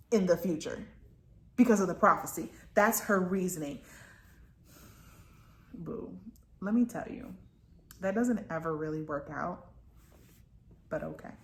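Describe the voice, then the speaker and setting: A woman talking casually about a book she is reading, rambling with lots of asides and fillers. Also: mid-range voice. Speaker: book reviewer. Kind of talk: casual book review chat. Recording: roomy echo.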